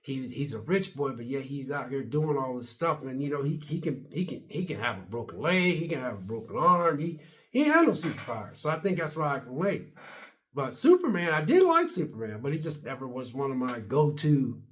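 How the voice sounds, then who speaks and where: A man's voice: mid-range voice, big pitch swings, fairly quick, a bit bright. A man in his late fifties or sixties talking casually to camera in a vlog, rambling and chatty, with casual double negatives. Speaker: video blogger.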